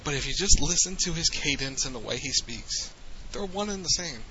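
A man's voice: fairly high pitch, animated, fairly quick, bright, forceful tone, highs cut off, slight background noise. A man hosting a casual podcast chat, talking loosely, often laughing and restarting his sentences. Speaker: podcast host.

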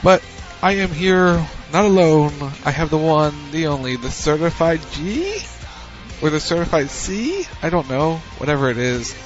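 A man's voice: a little high, sing-song, a little slow, dull audio, music in the background. A man hosting a casual wrestling talk show over internet radio, loose and joking, often repeating himself. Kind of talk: casual chat.

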